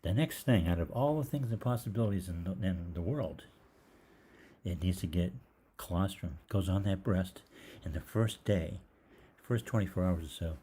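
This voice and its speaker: A man's voice: low voice, moderate pace, warm tone, slight background noise. An older man, a holistic gastroenterologist, telling a rambling story in a live Q&A, with many fillers. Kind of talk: live Q&A monologue.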